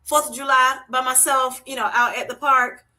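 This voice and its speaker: A woman hosting a casual livestream, answering viewers' comments with a bright, ringing voice that sits somewhat high. She tells animated stories and laughs often, calling people "honey" and "sweetheart". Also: moderate pace. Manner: uses Southern-style endearments like honey and sweetheart. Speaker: livestream host reading chat.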